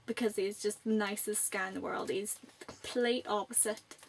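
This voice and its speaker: A woman's voice: mid-range voice, steady tone, normal speed, vocal fry, a little hiss or hum. A young woman in her late teens with a Northern Irish accent, chatting to camera in a rambling vlog. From Northern Ireland. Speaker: vlogger. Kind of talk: casual chat to camera.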